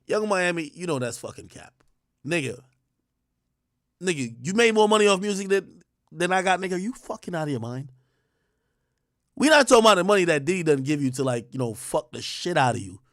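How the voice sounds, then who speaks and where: A man hosting a livestream, ranting in a profane, confrontational, rapid-fire way. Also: sits high, lively intonation, a bit bright, no echo, clean studio sound. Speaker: livestream host. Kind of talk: heated livestream rant.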